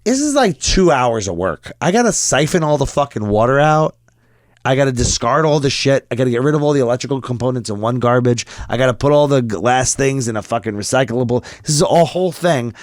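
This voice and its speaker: A man in his thirties spins a profane, animated story on a podcast, acting out every quote. His pitch swings widely, and the close mic sounds dry. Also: fairly quick, no room sound. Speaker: podcast co-host. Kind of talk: casual storytelling chat.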